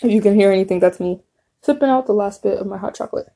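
A young woman with a warm, mellow voice talks through a TV season in a relaxed vlog. She is animated and gushing, and she quotes characters without changing her voice. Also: medium pitch, fast talker. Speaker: TV show reviewer. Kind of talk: casual chatty review.

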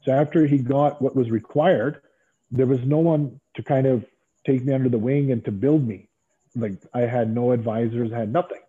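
Husky male guest, middle-aged, lively storyteller, thin phone-like sound. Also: medium pitch, moderate pace. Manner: animated storyteller acting out other people's lines. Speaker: interview guest. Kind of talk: casual storytelling interview. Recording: tinny phone-like line.

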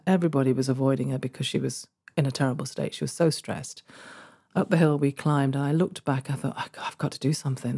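A middle-aged woman telling a personal story in an interview, earnest and warm, laughing often and growing emotional. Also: low voice, vocal fry, husky. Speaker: guest, former social care worker. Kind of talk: conversational storytelling.

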